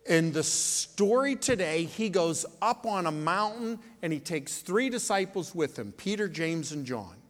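A man leading a children's sermon in church, playful and animated, asking the kids lots of questions. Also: sits high, measured pace, few pauses. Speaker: pastor giving children's sermon. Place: church sanctuary. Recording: reverberant church hall.

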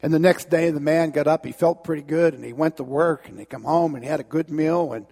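Male preacher, storytelling sermon, high gravelly voice, husky, long hall reverb. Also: fairly quick, a little mellow. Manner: dramatic, repetitive, with restarts.

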